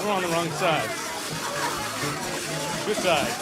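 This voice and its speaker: A man's voice: on the high side, lively intonation, slow, over loud music, a loud crowd, rough recording. A man leading a congregation, retelling a scripture story in a playful, joking way full of wry asides. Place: synagogue hall.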